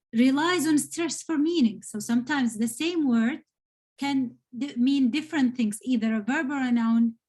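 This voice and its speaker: A woman's voice: fairly high pitch, dark tone. A woman with an Arabic accent teaching an online English lesson, explaining patiently and often checking in with "okay?". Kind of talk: online lecture.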